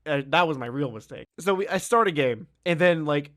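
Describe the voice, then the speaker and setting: Bright-voiced young man telling a story. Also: a little high, fairly quick. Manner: animated, laughing, swearing. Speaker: streamer. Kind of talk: casual storytelling.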